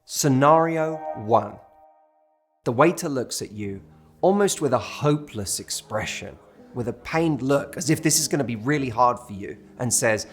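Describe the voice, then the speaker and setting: A man's voice: medium pitch, expressive, normal speed, soft background music. A man with a British accent giving relationship advice straight to camera and telling a story to make his point. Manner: storytelling, acts out quoted waiters. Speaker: dating coach. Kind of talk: direct-to-camera advice talk.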